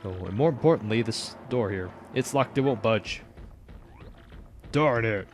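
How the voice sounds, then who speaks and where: A man's voice: fairly low pitch, unhurried, faint music behind. A man giving casual, rambling commentary on a video game playthrough. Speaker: gameplay commentator. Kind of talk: let's play commentary.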